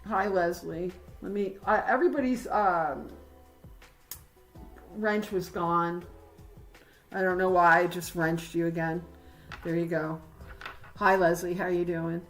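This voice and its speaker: A woman's voice: on the low side, steady tone, takes it slowly, pauses often, fairly bright tone, faint music behind, rough recording. A woman hosting a livestream, ranting heatedly and confrontationally, rambling with fillers. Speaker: livestream host.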